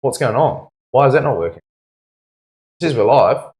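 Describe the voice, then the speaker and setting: A man's voice: medium pitch, animated, moderate pace, a little mellow. A man, a tattoo artist chatting casually on a live stream, laid-back and joking, swearing freely. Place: tattoo studio.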